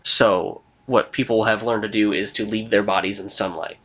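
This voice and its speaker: A man's voice: on the low side, moderate pace, breathy edge. A young man running a tabletop game as game master, rambling with lots of fillers. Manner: rambling, filler-heavy, relaxed. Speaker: game master and podcast host.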